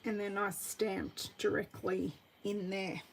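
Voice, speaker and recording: Female craft demonstrator, slow, gravelly, chatty thinker-aloud. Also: mid-range voice, flat delivery, slight background noise, low-quality recording. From Australia. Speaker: card-making demonstrator. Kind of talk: live crafting tutorial chat. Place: at a craft desk.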